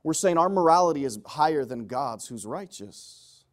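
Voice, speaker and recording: High-voiced man preaching with emphatic swings. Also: animated, normal speed. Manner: emphatic, swinging from loud pleading to low quiet asides. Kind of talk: sermon.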